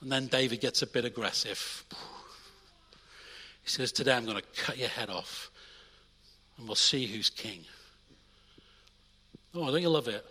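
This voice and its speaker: Bright-voiced man preaching in a reverberant hall. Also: mid-range voice, measured pace, long pauses, slightly rough. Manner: energetic, swings between loud urging and quiet intimate asides. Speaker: pastor. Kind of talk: sermon. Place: church.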